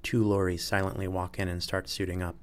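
Deep-voiced man narrating a story. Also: level tone, a little fast. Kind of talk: audiobook narration.

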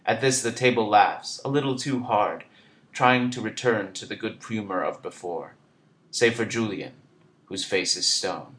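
Low-voiced man reading a literary story. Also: unhurried, a bit bright. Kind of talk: literary first-person narration.

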